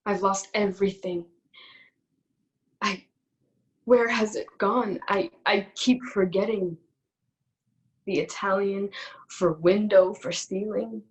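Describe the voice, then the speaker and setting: A woman acting out a weary young woman lamenting her lost life, in a halting, mournful scene reading for an acting class. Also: medium pitch, lightly acted.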